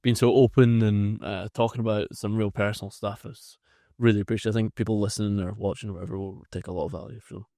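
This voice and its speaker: A man's voice: on the low side, level tone, fast, mellow, no echo. A man hosting a podcast interview, giving short agreeing replies and thanking his guest. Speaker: podcast host. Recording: dry close-miked studio sound.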